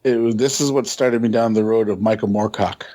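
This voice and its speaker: A man's voice: lowish voice, fairly even intonation, a little fast, warm tone. Guy co-hosting a podcast, chatty, nostalgic, keeps restarting his sentences. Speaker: podcast co-host. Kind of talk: casual podcast chat.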